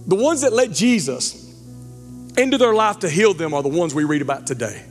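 A man, preaching a sermon as pastor, animated and joking, stumbling over words. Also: sits high, brisk. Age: 40s. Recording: church hall reverb with faint music.

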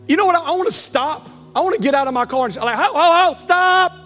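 A man, preaching a sermon as pastor, animated and joking, stumbling over words. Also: extremely high pitch, rapid-fire. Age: 40s. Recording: church hall reverb with faint music.

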